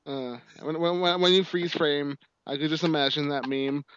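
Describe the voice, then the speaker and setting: A man's voice: fairly high pitch, steady tone, normal speed, a bit bright, a little hiss or hum. A man co-hosting a casual review chat, joking, listing things and hesitating with fillers. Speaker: co-host. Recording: dry, dull lo-fi audio.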